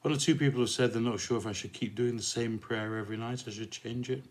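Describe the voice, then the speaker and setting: A middle-aged pastor chatting casually in a jokey, rambling way, reading a poem and saying a prayer. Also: male voice, mid-range voice, steady tone, quick pace. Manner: jokey, rambling, fond of puns.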